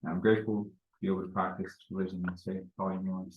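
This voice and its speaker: Low-voiced man reading scripture solemnly. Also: flat delivery, narrow, tinny audio, slight background noise. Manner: measured, solemn recitation. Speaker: temple member reading scripture. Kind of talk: scripture reading at a religious meeting. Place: temple meeting hall. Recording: echoey room.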